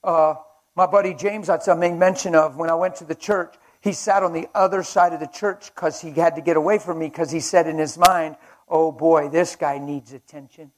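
Guy preaching at a men's conference, kinda high voice, passionate, gets loud then real quiet. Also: fairly even intonation, a little fast, low-quality recording. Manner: passionate, swings from loud to hushed. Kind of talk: sermon with storytelling. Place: conference hall.

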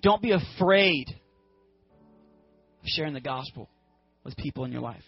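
A male preacher giving a casual, animated sermon and addressing the congregation directly. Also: on the high side, takes it slowly, breathy edge, no room sound, dull audio, soft background music.

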